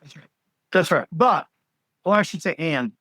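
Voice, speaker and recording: A man's voice: fairly high pitch, animated, moderate pace, a bit bright, no echo, studio quality. A man in his forties, a healthcare executive guest telling stories with enthusiasm. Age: 40s. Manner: enthusiastic storyteller, agreeable. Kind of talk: casual interview chat.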